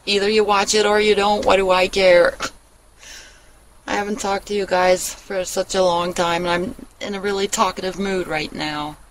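A candid vlogger rambles through a casual personal chat, swearing freely and laughing often. The voice sits at a middling pitch. It is caught on a handheld phone outdoors in a meadow, with faint background noise. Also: flat delivery, moderate pace, a bit bright, rough recording. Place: outdoors in a meadow, sitting on a wooden bench.

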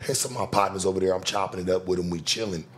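Lowish-voiced man telling a street story. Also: very fast. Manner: street slang, profane, animated storytelling. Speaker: podcast host. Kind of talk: casual storytelling chat.

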